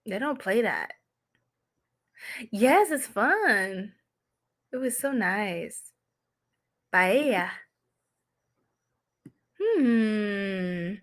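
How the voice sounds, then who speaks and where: Slow-talking playful woman. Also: on the high side, animated, fairly bright tone. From New York. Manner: playful and giggly, laughs often. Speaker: psychic reader, livestream host. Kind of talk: casual livestream chat.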